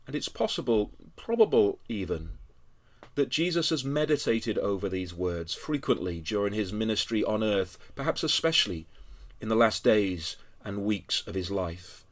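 A man preaching a sermon, earnest and measured, building to emphatic high passages, with frequent "uh" fillers. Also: expressive. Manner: earnest, rising to emphatic peaks with tag questions.

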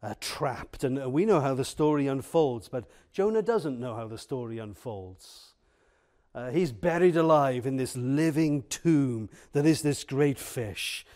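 A man preaching a sermon in an earnest, emphatic way, with many pauses and fillers. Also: mid-range voice, lively intonation, a little mellow.

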